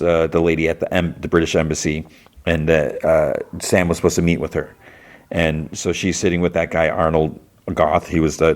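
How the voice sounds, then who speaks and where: A man's voice: low-pitched, a little mellow. A man hosting a podcast, recapping a TV episode in a loose, rambling way full of "like" fillers and restarts, lightly lifting his voice when he quotes characters. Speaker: podcast host.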